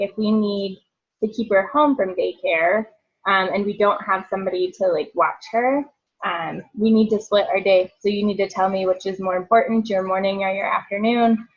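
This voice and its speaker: A woman in her thirties talks in a rambling, casual way, full of likes and ums. She sounds like a therapist chatting with a group. The audio is dull and lo-fi, like a video call. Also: mid-range voice.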